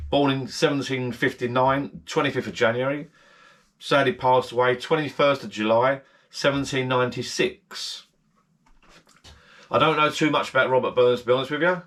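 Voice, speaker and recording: Speaking straight to his viewers, a channel host rambles and repeats himself in a friendly, casual vlog filmed at the bar in his backyard garden shed. His mid-range voice has a slightly bright edge.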